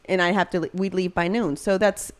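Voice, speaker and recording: A mother in her thirties chats casually on a podcast, telling stories with animation and acting out the quoted voices. Her voice is on the low side and brisk.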